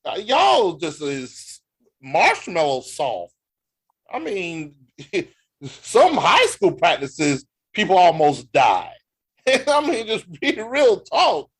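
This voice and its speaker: A man's voice: high-pitched, huge pitch swings, drawn-out words, a bit bright, slightly rough. A man with an American accent co-hosting a sports podcast in a joking, slangy way. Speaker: podcast co-host. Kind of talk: casual sports chat.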